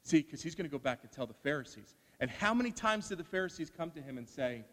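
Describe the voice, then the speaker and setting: A man preaching a sermon, animated and asking rhetorical questions, acting out the voices he quotes. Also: on the high side, fast talker, few pauses, in a large hall.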